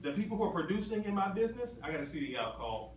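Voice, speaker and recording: Man, motivational speaker, slightly high voice, emphatic, repeats himself, big echoey hall, distant mic. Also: very animated, very fast. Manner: emphatic and repetitive, rhetorical questions to the crowd. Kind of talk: motivational convention talk. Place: large convention hall. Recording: echoey hall from far off, ambient noise.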